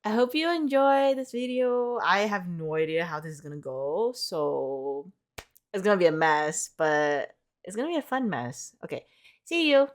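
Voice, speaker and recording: A woman's voice: lowish voice, moderate pace. A young woman reading tarot in a casual, rambling vlog, upbeat and full of "like" fillers. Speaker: tarot reader.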